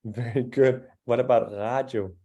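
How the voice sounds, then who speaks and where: A male language teacher runs a live class with a mellow, warm voice. He speaks patiently, demonstrating sounds one by one and praising his students' attempts. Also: medium pitch, steady tone, a little slow, lo-fi sound.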